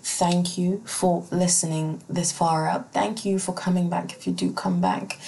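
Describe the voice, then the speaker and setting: A woman's voice: fairly low pitch, darkish tone. Chatty, profane woman podcast host. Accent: non-American accent. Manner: chatty, profane, laughs often, reads listener questions aloud. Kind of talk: casual solo podcast chat.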